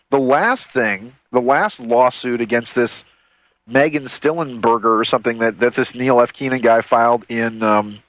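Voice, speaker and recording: A man's voice: mid-range voice, no room sound. Rambling male radio talk host. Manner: rambling, conversational, frequent restarts. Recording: dull lo-fi radio audio, dry.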